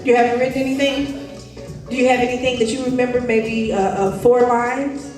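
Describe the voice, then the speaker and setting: High-voiced woman hosting in an echoey hall. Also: level tone, normal speed, darkish tone. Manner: playful, teasing, calls on the crowd. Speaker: poetry slam host. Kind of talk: lively emcee banter with a preacher's flair. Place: school auditorium. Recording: echoey hall from far off, music behind.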